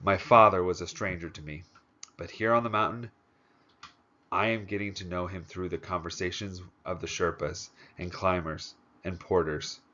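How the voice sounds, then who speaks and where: Man doing a calm young Sherpa boy. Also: sits low, highs cut off. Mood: reflective. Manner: calm, measured, reflective.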